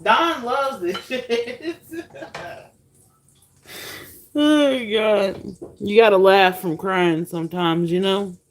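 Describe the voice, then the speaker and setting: Woman vlogger, casual unscripted monologue, profane, unhurried delivery, mid pitch. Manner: frank, profane, laughs often; cooking while talking.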